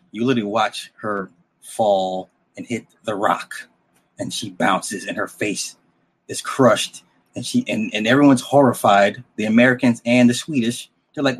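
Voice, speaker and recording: A man with a husky, slightly rough voice talks through a story recap in a casual, rambling way. He is blunt and drops the odd curse, often restarting his sentences and turning to the listener with quick asides. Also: mid-range voice. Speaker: film plot recapper.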